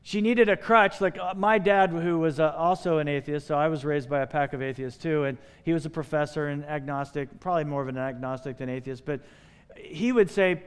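Male pastor, sermon storyteller; clear, resonant tone with a long hall reverb. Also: a little high, a little fast. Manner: animated storytelling, acting out quoted voices.

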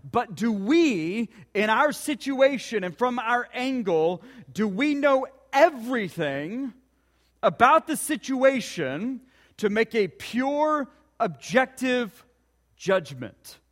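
Guy preaching a sermon, pretty high voice, earnest questions, lots of hall echo. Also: very animated, takes it slowly, fairly bright tone. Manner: earnest storytelling with rhetorical questions. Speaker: pastor.

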